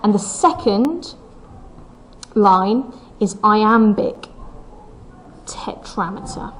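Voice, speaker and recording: A woman's voice: mid-range voice, animated, drawn-out words, fairly bright tone, slight background noise, rough recording. A woman teaching a recorded English lesson, explaining a poem step by step and reading its lines aloud with the stresses brought out.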